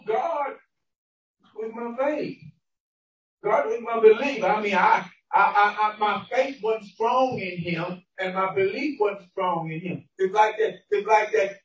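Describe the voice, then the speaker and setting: A man giving an emotional sermon testimony, stumbling over repeated words and breaking into shouted emphasis. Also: high voice. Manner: repeats words, stammering restarts, bursts of shouting. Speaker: preacher. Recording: echoey room from a distance.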